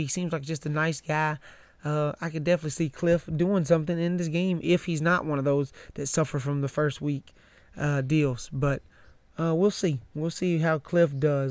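Man co-hosting, slightly high, dry sound. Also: steady tone, moderate pace, darkish tone, smooth, no room sound. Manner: easygoing, agreeable, repeats words. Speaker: podcast co-host. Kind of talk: casual chat.

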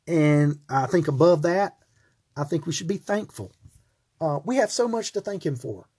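A man's voice: on the high side, lively intonation, moderate pace, warm tone, breathy edge. A man teaching a Bible lesson in an earnest, rambling way, often repeating words as he talks. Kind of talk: closing of a recorded Bible lesson.

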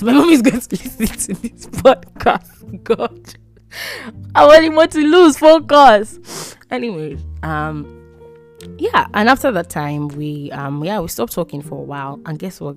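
A young Nigerian woman hosting a podcast, telling a personal story with lively, emotional exclamations. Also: low voice. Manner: animated, emotional storytelling with frequent laughs and exclamations. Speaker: podcast host.

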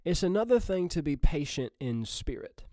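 A man's voice: a little high, big pitch swings, normal speed, warm tone, no room sound, studio quality. Folksy Missouri-accented man preaching. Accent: Southern US, Missouri. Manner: folksy and earnest, with frequent fillers and restarts. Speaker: podcast host and preacher. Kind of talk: casual podcast sermon.

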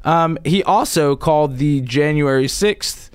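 A man's voice: fairly high pitch, a little slow, smooth, dry recording, clean studio sound. A man hosting a casual political commentary show, rambling with many restarts and frequent chuckles. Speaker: show host presenting a topic.

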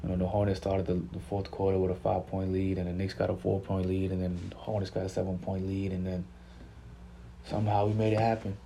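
A man's voice: low voice, monotone, quick pace, vocal fry, warm tone, slight background noise. A man hosting a casual sports podcast, laid-back and slangy, often repeating himself. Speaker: podcast host.

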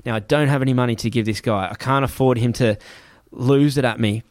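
A man with an Australian accent telling a story in a casual chat, rapid and swearing freely as he acts out what people said. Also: mid-range voice, darkish tone, no echo.

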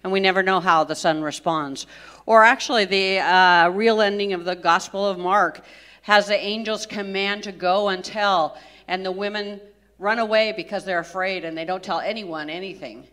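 A woman's voice: medium pitch, steady tone, normal speed, a bit bright. A woman interviewing a biblical figure, asking inquisitive questions and adding thoughtful comments.

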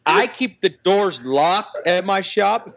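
A man's voice: sits high, lively intonation, slow pace, vocal fry, fairly bright tone. A man co-hosting a casual podcast, teasing and joking with his friends. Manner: teasing, jokey banter. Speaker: podcast co-host. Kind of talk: casual chat. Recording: dull lo-fi sound.

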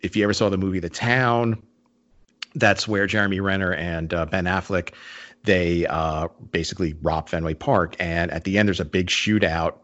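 A man's voice: low-pitched, fairly even intonation, normal speed, a bit bright, dull audio. A man in casual conversation, rambling with many fillers and restarts. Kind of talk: casual chat.

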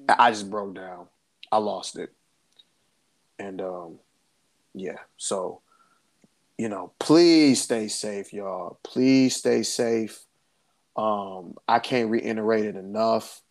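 A man's voice: fairly low pitch, creaky. A man, co-hosting a podcast and telling an emotional family story with many restarts. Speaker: podcast co-host. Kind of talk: casual podcast chat.

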